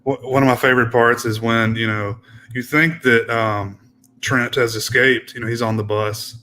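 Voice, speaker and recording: A man's voice: medium pitch, steady tone, normal speed, pushed and bright, slight background noise. A man co-hosting a casual film discussion podcast, talking hesitantly and often trailing off. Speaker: podcast co-host.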